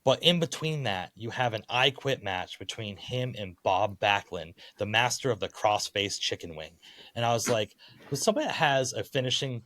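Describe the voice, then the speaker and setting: A man's voice: on the low side, normal speed, a bit bright, no echo. A man co-hosting a podcast, ranting in casual chat, frustrated and opinionated. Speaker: podcast co-host.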